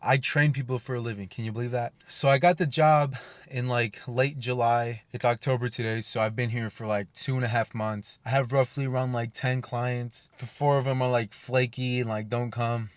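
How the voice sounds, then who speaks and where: A man's voice: mid-range voice, steady tone, normal speed, no echo. A young man, a personal trainer, telling a rambling casual story full of fillers and swearing.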